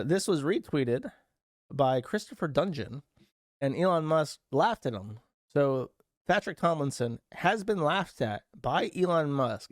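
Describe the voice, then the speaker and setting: A man's voice: a little high, no echo, studio quality. A man hosting a commentary show, rambling through his points in a mocking, sarcastic way with fillers and restarts. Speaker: host.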